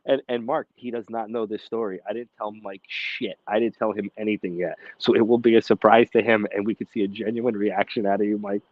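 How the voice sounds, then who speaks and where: A man with a low, dry voice tells a rowdy, profane story to his co-host in casual podcast chat. The sound is muffled and lo-fi. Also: a little fast, few pauses, no room sound. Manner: animated, profane, acts out shouted quotes.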